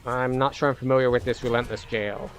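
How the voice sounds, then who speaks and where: A man live-streaming a game, chatting casually and thinking out loud as he plays. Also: medium pitch, steady tone, a little fast, slight background noise. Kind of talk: live-stream gameplay commentary.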